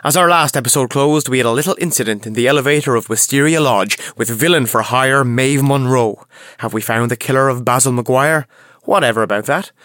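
A man narrating a comic improvised audio drama in a wry, deadpan way with puns. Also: mid-range voice, a little fast, hardly any pauses, dry recording, studio quality. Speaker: narrator and lead player.

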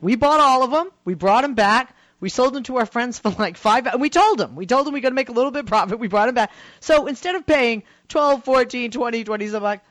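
A woman's voice: a little high, lively intonation, a little fast, few pauses, a bit bright, no echo. A woman hosting a call-in radio show in casual chat, telling stories with lots of fillers. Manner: chatty storyteller, many fillers. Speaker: radio talk show host. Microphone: studio microphone.

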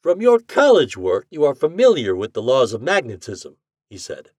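Man playing a self-proclaimed crazy genius scientist, emphatic lecturing, animated pitch, dry close sound. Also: no echo. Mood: cheerful. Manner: emphatic, lecturing, drawn-out slow stresses. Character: eccentric male scientist, cheerful self-declared mad genius. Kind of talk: audiobook character reading.

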